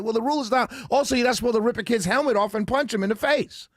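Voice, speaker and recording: A man with a high-pitched voice hosts a talk radio show from a studio microphone. He sounds emphatic and opinionated, thinking out loud as he goes. The sound is dry and close. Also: steady tone, quick pace, few pauses, no echo.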